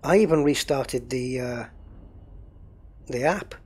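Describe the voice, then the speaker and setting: A man's voice: medium pitch, slow pace, darkish tone, slightly rough. A man running a gaming livestream, rambling casually and thinking aloud while he troubleshoots.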